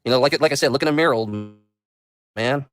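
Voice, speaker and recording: A man's voice: medium pitch, fast, fairly bright tone. A man hosting his own livestream, talking casually in a meandering way and taunting viewers. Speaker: livestream host.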